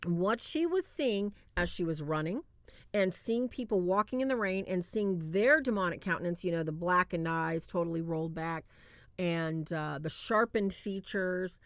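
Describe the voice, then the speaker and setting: A woman hosting a livestream, retelling a film in a casual, animated way and acting out quoted lines. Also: on the low side, moderate pace, no echo. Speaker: livestream host reviewing a film.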